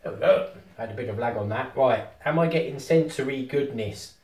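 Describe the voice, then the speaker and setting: A man, vlogging casually as he sets up VR at home and talks to himself excitedly. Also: mid-range voice, fairly quick, far from the mic. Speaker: tech vlogger. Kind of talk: casual vlog commentary while setting up VR. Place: house with rooms on two floors. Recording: roomy home room, voice often off-mic.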